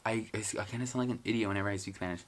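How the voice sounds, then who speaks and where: A man's voice: fairly low pitch, steady tone, rapid-fire, slight background noise. A young man from a Mexican family who grew up in the US, chatting casually in a vlog in his bedroom, rambling, swearing and mocking himself. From Mexican heritage, raised in the US. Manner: profane, self-mocking, rambling with bursts of laughter. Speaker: vlogger. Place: bedroom at home.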